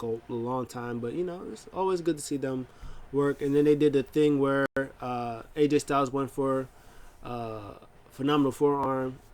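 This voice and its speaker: A man's voice: medium pitch, darkish tone. Rambling man recapping wrestling casually. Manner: rambling, many fillers, acts out quotes. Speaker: wrestling show reviewer.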